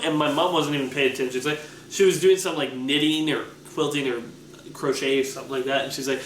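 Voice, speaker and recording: A young man telling stories in a casual chat, animated and full of restarts. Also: brisk, a little hiss or hum. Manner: animated storytelling, excited rising pitch, many restarts. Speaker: vlogger answering viewer questions. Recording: echoey room with faint ambience.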